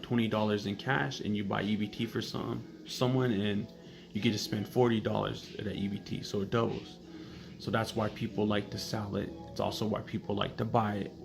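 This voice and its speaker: A man's voice: on the low side, creaky. A man casually telling comedic stories in a blunt, profane way. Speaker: storyteller. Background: background music.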